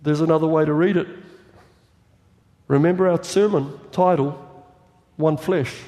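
A man preaching a fervent sermon, building up to shouts as he presses his point. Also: a little high, steady tone, measured pace. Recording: long reverb of a large hall.

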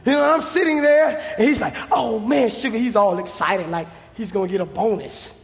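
A male evangelist preaching at full volume, with a very high and gravelly voice. He shouts his points and acts out both sides of a conversation. The sound carries the long echo of a church hall. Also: big pitch swings, a little fast, slight background noise. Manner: shouting, emphatic, acts out dialogue. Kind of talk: sermon.

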